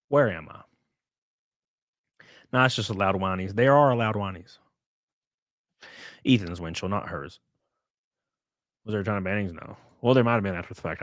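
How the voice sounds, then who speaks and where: A man's voice: sits low, dry recording, clean studio sound. A man chatting casually on a live stream, rambling, laughing and reading out chat messages. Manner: rambling, reads chat aloud, laughs often.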